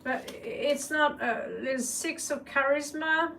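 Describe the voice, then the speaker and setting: Norwegian woman reading tarot, unhurried. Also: sits high, bright, forceful tone. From Norway. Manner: chatty and joking, with blunt swearing. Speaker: tarot reader. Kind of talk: casual live tarot reading. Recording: distant mic with faint background noise.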